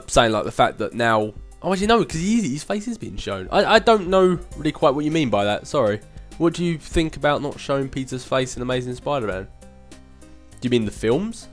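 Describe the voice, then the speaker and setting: Young dude rambling through viewer questions, laughs a lot, faint music under it. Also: male voice, medium pitch. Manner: chatty, rambling, laughs often, with filler hums. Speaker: YouTube channel host answering viewer questions. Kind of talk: casual Q&A chat.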